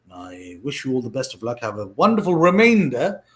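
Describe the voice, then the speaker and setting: A man's voice: medium pitch, big pitch swings, fairly quick. A man giving earnest life advice in a monologue, emphatic and preachy, repeating phrases for stress. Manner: swings between loud stress and soft asides.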